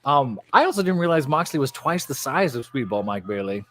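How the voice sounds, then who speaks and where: A young man co-hosting a casual wrestling podcast over a remote stream. He talks in an animated way, laughs often and drops into goofy voices for quotes. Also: mid-range voice, fairly quick, slight background noise. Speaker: podcast co-host. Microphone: remote stream mic.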